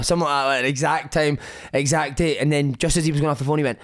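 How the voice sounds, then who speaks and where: A middle-aged Scottish man, a former footballer guesting on a podcast, telling stories in animated chat, swearing freely and saying "mate" at the end of most lines. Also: on the high side, very fast, hardly any pauses.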